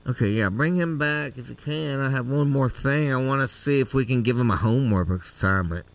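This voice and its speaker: A man hosting a live show, bantering loudly and joking with callers. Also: mid-range voice, a little fast, vocal fry. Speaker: host.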